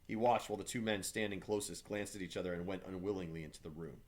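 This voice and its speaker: Give me a low-voiced male teacher reading a novel aloud to his class at a steady pace. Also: quick pace.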